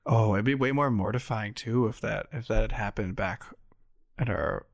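A man's voice: lowish voice, gravelly, no echo. Joking guy on a podcast, dead dry mic, lots of teasing. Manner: teasing, joking, drawn-out repeats. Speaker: podcast co-host. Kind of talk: casual chat.

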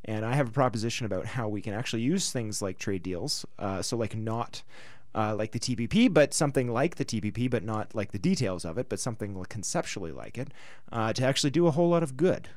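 A male radio host with a lowish voice, rambling and restarting as he goes, with a dry sarcastic edge. He sounds close to the mic in a dead, dry studio. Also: expressive, fast, dry recording. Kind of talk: casual radio talk.

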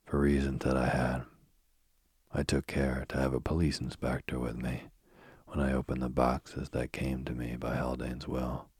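Man whisper-reading a spooky sleep story, super deep, flat monotone, husky, dry close sound. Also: dry recording. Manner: slow, soft and even reading.

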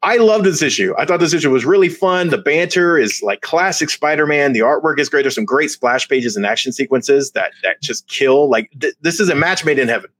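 Animated man, dry close sound. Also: fairly high pitch, a little fast, hardly any pauses, dry recording. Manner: animated, mock-outraged, laughs often. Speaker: comic book podcast co-host. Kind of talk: casual chat.

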